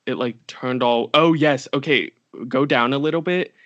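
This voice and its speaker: A man's voice: medium pitch, normal speed, a bit bright, dry recording, dull audio. A young man co-hosting a podcast, telling a long story in casual chat with lots of fillers and restarts. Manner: rambling, many fillers and restarts. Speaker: podcast co-host.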